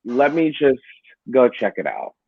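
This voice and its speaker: A man, a wrestler, talking in a casual interview, telling animated stories and laughing along the way. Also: medium pitch, measured pace, gravelly, husky, dry recording, muffled recording. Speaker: wrestler guest.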